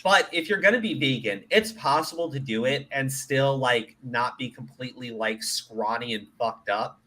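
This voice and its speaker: Speaking at normal speed in a medium-pitched voice, this Middle Eastern commentary host rants casually, swearing heavily, laughing often and stammering when he restarts sentences.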